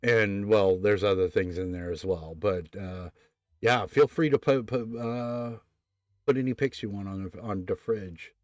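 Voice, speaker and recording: A man with a fairly low voice hosts a casual late-night stream, chatting in a rambling, hesitant way with lots of filler words. The sound is dry and close, with no room around it. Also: unhurried, no room sound. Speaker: streamer host.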